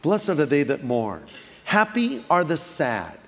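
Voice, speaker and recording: A middle-aged man preaching a sermon as a pastor, telling lively stories and briefly acting out voices for effect. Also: on the high side. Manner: animated storytelling, acting out quick voices for effect. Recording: long reverb of a large hall.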